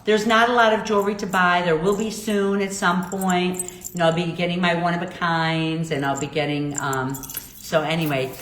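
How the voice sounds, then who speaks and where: Bubbly lady chatting on a livestream, kinda low voice, echoey room. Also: fairly even intonation, moderate pace, fairly bright tone. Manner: chatty, bubbly, exclaims at comments. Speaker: livestream host, jeweler. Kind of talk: casual live chat reading viewer comments. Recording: echoey room with faint noise.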